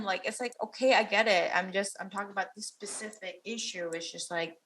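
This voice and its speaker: A woman's voice: mid-range voice, a little fast, few pauses, fairly bright tone. A young woman from Macau co-hosts a podcast in loose reaction chat. She talks animatedly with plenty of fillers and acts out quoted voices in a middle-range voice. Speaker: podcast co-host.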